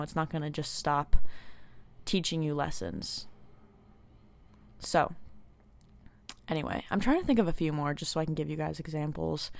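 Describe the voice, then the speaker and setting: A woman's voice: deep voice, vocal fry. A young woman hosting a self-help podcast, talking earnestly and encouragingly to her listeners in a casual way, with lots of "like" and "you know". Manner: casual with many likes and you knows. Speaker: podcast host.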